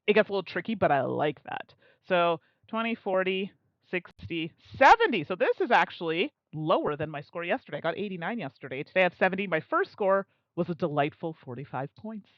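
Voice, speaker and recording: Talking through each move of a solo board game on her stream, a young woman keeps up chatty, casual commentary, poking fun at herself and quick to laugh. Her voice sits fairly low, captured in a lo-fi recording with no room sound.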